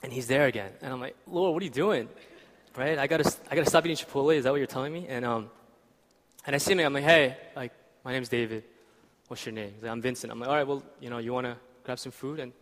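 A man's voice: mid-range voice, fast talker, a bit bright. Conversational man preaching in a hall. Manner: conversational, asks "right?" often. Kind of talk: sermon. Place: church hall. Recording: reverberant church hall.

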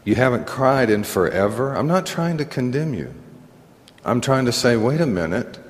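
A man's voice: mid-range voice, expressive, normal speed. A man in his forties, a pastor preaching an earnest, conversational sermon and laughing at himself now and then. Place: church sanctuary. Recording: reverberant church hall.

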